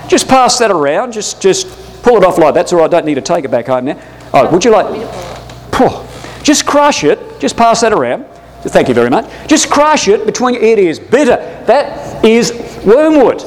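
A man teaching a Bible class to a live audience, jokey and animated, often addressing his listeners as brothers and sisters. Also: fairly high pitch, slight background noise. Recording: long echo of a hall.

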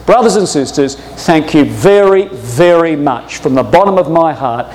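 A man preaching a Bible-school sermon, emphatic, moving between hushed asides and stirred outbursts. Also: fairly high pitch, expressive, unhurried, big-room sound, poor audio.

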